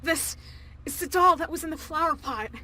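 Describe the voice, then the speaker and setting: A man voicing a nervous young girl who insists she saw something, in a high squeaky put-on voice. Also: normal speed, pushed and bright, slight background noise, heavily acted. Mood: insistent.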